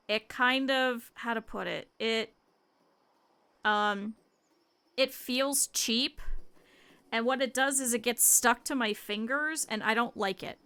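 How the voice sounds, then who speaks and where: Bright-voiced young woman streamer. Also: fairly high pitch, clear, resonant tone. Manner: thinking aloud, addressing chat. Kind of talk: casual live-stream chat while crafting.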